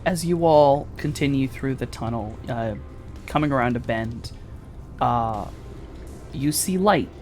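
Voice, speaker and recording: A man running a tabletop role-playing game as game master, narrating calmly. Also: medium pitch, a little slow, soft background music.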